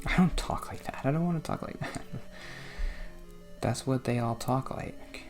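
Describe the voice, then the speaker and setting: A man's voice: mid-range voice, measured pace, long pauses, darkish tone, soft background music. A man from New Jersey talking casually while playing a video game, rambling and self-deprecating, groaning and laughing at the game. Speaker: gaming vlogger.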